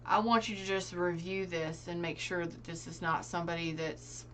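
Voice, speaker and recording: A woman reads tarot cards in a loose, conversational way. She speaks to her viewers directly and earnestly, her voice sitting a little low. A faint hum runs under the recording. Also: steady tone, normal speed, a bit bright. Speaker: tarot reader. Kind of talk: casual tarot reading to camera.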